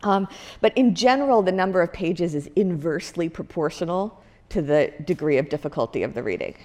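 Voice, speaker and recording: A woman's voice: on the low side, expressive, a little fast, a little mellow. A woman lecturer giving a university lecture in a conversational way, with many fillers and self-corrections. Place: lecture hall.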